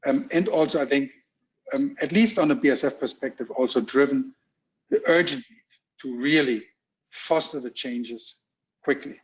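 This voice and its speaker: A middle-aged man from Germany with a strong German accent, giving a keynote at a virtual roundtable in a halting, measured way with many ums, heard over muffled video call audio. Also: medium pitch. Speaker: corporate executive keynote speaker. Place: home or office on a video call. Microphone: video call mic.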